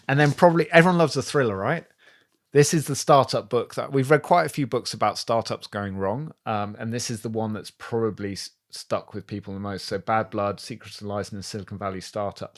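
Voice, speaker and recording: A man guesting on a podcast, telling stories with enthusiasm in a casual conversational way, often restarting his sentences. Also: lowish voice.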